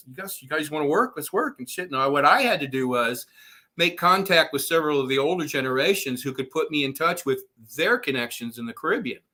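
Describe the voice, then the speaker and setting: Casting: bright, punchy male raconteur, swears freely, laughs through his stories. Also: mid-range voice. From Southwest Florida. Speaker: podcast guest, author. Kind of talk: storytelling interview.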